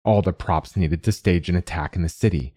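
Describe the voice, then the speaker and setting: Deep, dark-voiced male narrator. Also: no room sound. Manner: steady, measured storytelling. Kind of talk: scripted narration.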